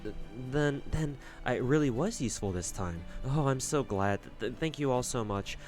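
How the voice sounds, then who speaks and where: A man voicing a timid young fairy, soft-spoken and stammering, reading game dialogue aloud. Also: medium pitch, lively intonation, moderate pace, soft background music, lightly acted. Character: timid young fairy afraid of being useless.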